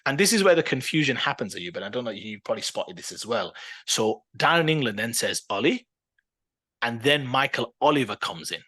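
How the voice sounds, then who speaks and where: A man co-hosts a casual football podcast, his voice bright and forward. He argues his points in an animated, opinionated way, breaking into fillers and restarts as he thinks aloud. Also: mid-range voice, brisk. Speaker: podcast co-host.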